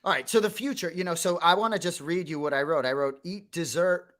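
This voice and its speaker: A man's voice: on the high side, a little fast, a bit bright. A man hosting a podcast in casual chat, enthusiastic and repeating his phrases. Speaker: podcast host.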